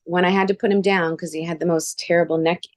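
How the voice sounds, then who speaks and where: A woman from Canada hosting a casual chat, telling personal stories in an animated way and acting out the voices of people she quotes. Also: lowish voice, fast, no echo, clean studio sound. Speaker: show host.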